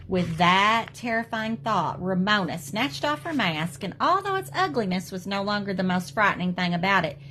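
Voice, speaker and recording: A woman teacher reading a children's book aloud to her students, gentle and animated. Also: lowish voice, slight background noise.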